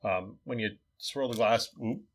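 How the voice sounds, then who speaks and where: A man's voice: lowish voice, unhurried. A young man co-hosting a beer review, talking in a thoughtful, descriptive casual way. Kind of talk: casual chat.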